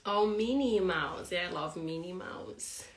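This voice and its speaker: A woman, a non-native English speaker, giving a casual pronunciation lesson, laughing often and repeating words slowly. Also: on the low side, reverberant. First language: not English. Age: adult with a young son.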